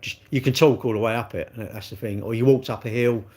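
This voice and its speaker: A man's voice: medium pitch, steady tone, fast talker, a little mellow. A middle-aged man, chatting on a live stream and ranting with rhetorical questions. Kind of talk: casual live-stream chat.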